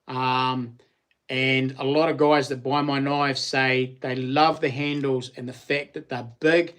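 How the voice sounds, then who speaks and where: A man's voice: mid-range voice, little pitch movement, unhurried, a bit bright. A middle-aged man, chatting casually about his handmade knives, easygoing and rambling with ums and restarts. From New Zealand. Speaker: vlogger and knife maker. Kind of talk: casual show-and-tell chat.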